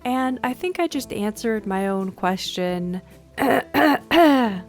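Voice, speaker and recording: A woman giving casual, gushing commentary on a video game, often clearing her throat and sniffing. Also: a little high, slow pace, soft background music. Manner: gushing, excitable, frequent exclamations. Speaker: gaming video host.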